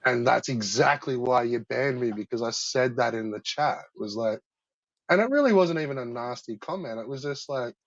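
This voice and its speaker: A man's voice: mid-range voice, expressive, normal speed, no room sound. Muffled, rambling, swearing man. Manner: rambling, profane storytelling. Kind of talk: casual voice-chat conversation. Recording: muffled lo-fi audio.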